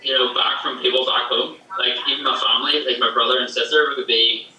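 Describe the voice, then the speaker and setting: A man's voice: mid-range voice, steady tone, a little fast, pushed and bright. A young man from Northern Ireland with a Northern Irish accent that has a slight Canadian tinge, a podcast guest telling rambling stories with many fillers. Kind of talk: casual chat. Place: home in Canada. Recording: echoey distant remote call with faint noise.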